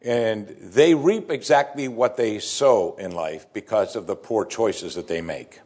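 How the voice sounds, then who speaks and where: A man's voice: lowish voice, measured pace, a little mellow, husky. A man preaching a sermon as pastor, emphatic, repeating key phrases with strong stress.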